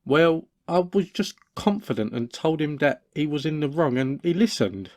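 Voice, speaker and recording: A man's voice: a little high, expressive, normal speed, no echo, clean studio sound, lightly acted. A man voicing a stubborn young man who gets pushed around, defensive and blustering when questioned. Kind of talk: cartoon voice acting.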